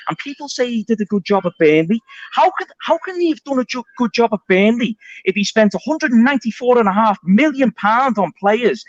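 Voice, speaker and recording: A high-voiced man calling into a fan phone-in, ranting and insisting on his facts. The line sounds dull and muffled. The sound is dry. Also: no room sound. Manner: insistent, ranting, keeps saying mate. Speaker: caller. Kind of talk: heated phone-in rant.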